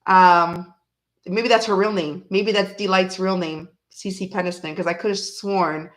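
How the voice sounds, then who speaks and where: A woman hosting a tarot reading from home, chatting casually and rambling, who breaks into snippets of old songs and talks softly to her cat. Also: on the low side, steady tone, a little slow. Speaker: tarot reader and channel host. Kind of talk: casual chat on a live reading.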